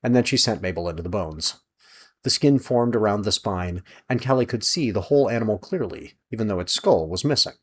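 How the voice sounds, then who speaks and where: A man reading aloud from his own serial novel with lively, expressive narration. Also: on the low side, a little fast, slight background noise. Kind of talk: storytelling narration.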